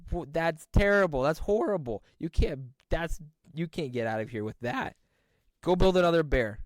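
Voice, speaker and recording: A man's voice: mid-range voice, steady tone, normal speed, no room sound, close to an everyday voice. A man voicing a strict, scolding human-sized security teddy bear in an improvised story. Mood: stern. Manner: bossy, scolding.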